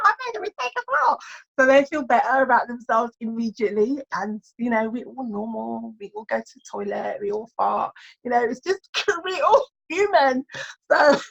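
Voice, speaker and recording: Brief: high, animated woman guest, playful and dramatic, slightly muffled recording. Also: gravelly. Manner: lively, laughs often, theatrical. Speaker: podcast guest, entrepreneur. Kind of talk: casual chat.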